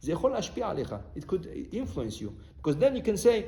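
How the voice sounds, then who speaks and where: A man's racing voice carries this rabbi's sermon, lively in pitch and told as a story, with Hebrew words dropped into the English and bursts of loud shouting. There's a slight hiss or hum over the faint ambience of a roomy hall.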